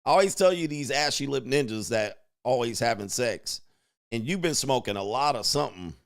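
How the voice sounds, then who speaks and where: A man's voice: mid-range voice, lively intonation, moderate pace. A man, a dating coach host, reacting to a video with mocking commentary and laughing asides.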